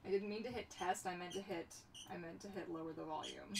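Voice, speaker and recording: A young woman hosting a casual livestream from her home workshop, chatting in an animated way and talking to her pets. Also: fairly low pitch, fast. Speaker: livestream host. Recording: distant mic with background noise.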